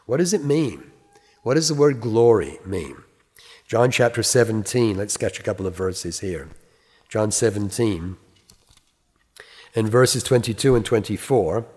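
A man preaching a sermon, reading scripture slowly and with emphasis, then explaining it in a plain, conversational way. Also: lowish voice, lively intonation, a little mellow, breathy edge. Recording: long reverb.

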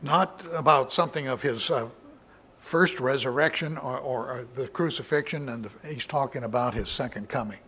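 Man, Bible study sermon, reads verses with emphasis, casual explaining, fillers, clears throat. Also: mid-range voice, moderate pace, bright, forceful tone. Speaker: Bible teacher.

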